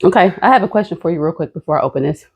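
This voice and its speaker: A woman co-hosting a vlog, chatting and reading a letter aloud in a careful, deliberate way. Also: on the low side, gravelly, husky. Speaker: co-host, partner of the host.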